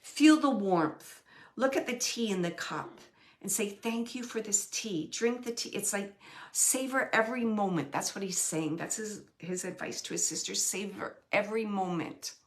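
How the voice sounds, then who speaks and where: Soft-spoken woman with a gravelly edge. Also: medium pitch. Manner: relays messages in a soft, halting way, often dropping to a whisper. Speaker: medium giving readings. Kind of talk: live mediumship reading.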